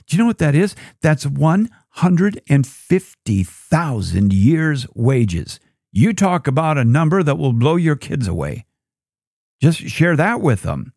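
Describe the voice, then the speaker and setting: A man teaching scripture, retelling a parable with animated storytelling and frequent rhetorical questions to his listeners. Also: a little high, unhurried, dry recording, studio quality. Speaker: Bible teacher.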